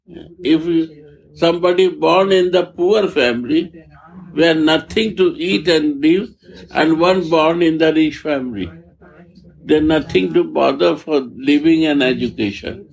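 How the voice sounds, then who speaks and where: A man speaks as a spiritual teacher, unhurried and deliberate, with long pauses between phrases. His voice sits a little high for a man and carries a gravelly, creaky texture. His English is halting, and he often repeats or restarts a phrase before finishing it. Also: low-quality recording. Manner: halting, repetitive non-native phrasing. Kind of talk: spiritual discourse.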